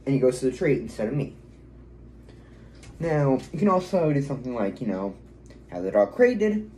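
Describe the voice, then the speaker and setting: Dog trainer guy at home, mellow low-key voice, chatty how-to with quick sit and back-up commands. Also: a little hiss or hum. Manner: casual, explains while giving short commands to a dog. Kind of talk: casual how-to video. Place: at home, indoors.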